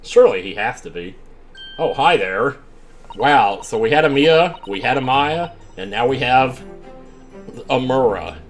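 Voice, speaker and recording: A man giving chatty, excitable commentary while playing a video game, with frequent exclamations. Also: medium pitch, unhurried. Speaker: let's play streamer. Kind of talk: gaming commentary. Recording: faint game music behind.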